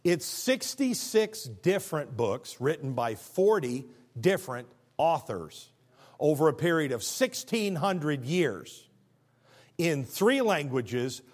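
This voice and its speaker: Man, preacher, middle-aged, very animated delivery. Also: on the high side, takes it slowly. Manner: animated, call-and-response preaching. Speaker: pastor. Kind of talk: sermon.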